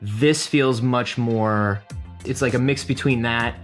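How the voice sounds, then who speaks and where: A playful male host who jokes easily with his guests. His pitch sits in a middling range, and soft background music runs under his voice. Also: steady tone, slow pace. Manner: joking, playful. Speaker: show host. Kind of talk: casual chat.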